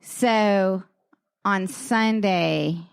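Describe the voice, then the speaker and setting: A woman's voice: mid-range voice, extremely slow, vocal fry, clean tone, no echo, clean studio sound. A woman co-hosting a podcast, chatting casually, telling rambling stories and laughing often. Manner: giggly, rambling storyteller. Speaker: podcast co-host. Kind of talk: casual comedic chat.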